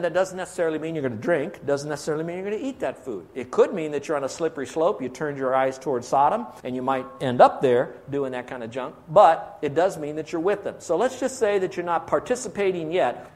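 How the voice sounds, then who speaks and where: A pastor preaching a sermon, asking his congregation questions and drawing out key words slowly. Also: a little high.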